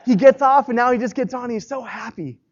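A man's voice: extremely high pitch, fairly quick, highs cut off, a faint crowd. A man in his thirties preaching a sermon, earnest and encouraging as a pastor.

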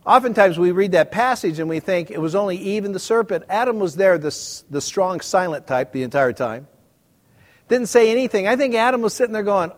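A man's voice: high-pitched, animated, fairly quick. A middle-aged man preaching a sermon and reading scripture, talking conversationally with joking asides to the congregation. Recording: echoey hall reverb.

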